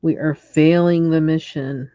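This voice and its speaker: Fed-up coloring streamer going off on a rant, mellow darkish voice, kinda muffled lo-fi audio. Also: mid-range voice, steady tone, unhurried, no echo. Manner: exasperated ranting, chuckling between lines. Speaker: coloring livestream host. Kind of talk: casual rant while coloring.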